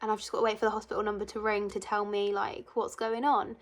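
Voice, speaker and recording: Twenties woman, casual vlogger, earnest and talkative, mid-range pitch. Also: flat delivery, quick pace. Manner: emotional, chatty, many fillers. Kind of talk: casual vlog storytelling.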